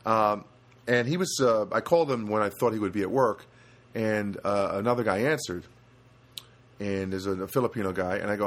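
A man's voice: lowish voice, a little fast. An older man telling stories in a casual, rambling monologue, with lots of restarts and asides.

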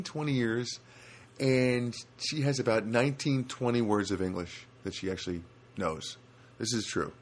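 A man's voice: mid-range voice, fairly bright tone. An older man telling stories in a casual, rambling monologue, with lots of restarts and asides.

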